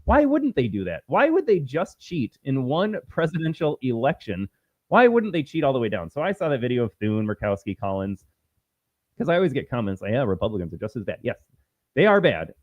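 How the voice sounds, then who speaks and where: A man's voice: mid-range voice, big pitch swings, normal speed, dry recording, lo-fi sound. A man hosting a political commentary livestream, talking in an emphatic, combative and repetitive way. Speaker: host.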